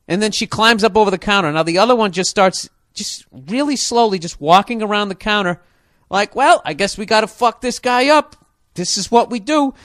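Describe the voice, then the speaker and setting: High, animated man ranting profanely. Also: no room sound, clean studio sound. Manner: animated, swearing storyteller who mimics sound effects. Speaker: comedian telling a story. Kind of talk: profane comedic rant.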